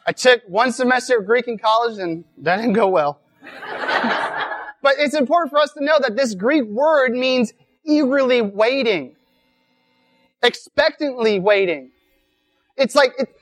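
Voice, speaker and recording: Unhurried and pausing often, this fairly high-voiced woman gives a casual, conversational sermon as a weekend church retreat speaker. She repeats words along the way and keeps tossing in rhetorical questions such as "right?".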